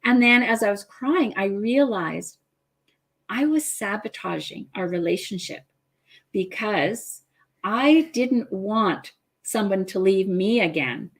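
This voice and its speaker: A woman's voice: medium pitch, expressive, slow pace. Earnest middle-aged woman telling her story. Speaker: guest, family coach. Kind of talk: casual talk-show conversation.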